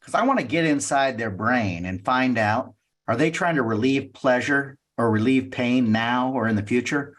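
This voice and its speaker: A middle-aged man giving a sales training talk, energetic and teaching, acting out client questions in a raised voice. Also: mid-range voice, moderate pace. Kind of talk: talk at a networking meeting.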